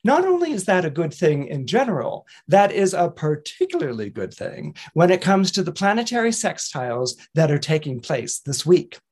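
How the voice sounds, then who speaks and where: A male astrologer and weekly horoscope columnist, telling a fable in a chatty, animated way and chuckling as he goes. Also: fairly high pitch, normal speed, few pauses, breathy edge. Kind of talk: casual storytelling talk.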